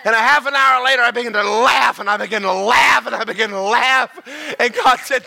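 A man preaching a sermon, swinging from low murmurs to shouted passages. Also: moderate pace, creaky, few pauses. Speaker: pastor.

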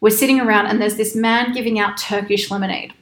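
A woman telling a long anecdote in casual chat, animated and quoting people in raised voices. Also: mid-range voice, fast. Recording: echoey room.

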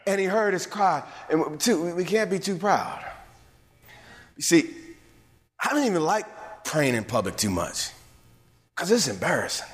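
A man delivers a sermon with emphatic, rhythmic energy, his voice sitting a little high for a man and swooping up and down. The church around him adds a long, trailing reverb. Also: moderate pace, long pauses. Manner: animated preaching, rhythmic and emphatic. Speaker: pastor.

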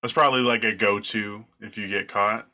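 A man in casual chat, reacting to a story with quick questions and interjections. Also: lowish voice, fairly even intonation, pushed and bright.

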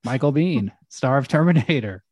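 A man's voice: mid-range voice, expressive, normal speed, a little mellow, breathy edge, dry recording. A man co-hosting a podcast, rambling casually and crudely in a comedic chat. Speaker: podcast co-host.

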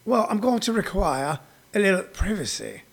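A man's voice: sits high, very animated, normal speed, vocal fry, breathy edge, heavily acted. A man putting on a put-on British accent to play a haughty, condescending British person. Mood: prim. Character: snooty prim British person, adult.

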